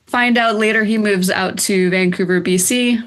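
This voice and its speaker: A young woman from the United States, a band's bassist, telling stories in a casual interview with many "like"s and laughs. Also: steady tone, normal speed, a bit bright. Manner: chatty, laughing storyteller with lots of "like". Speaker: band bassist, guest.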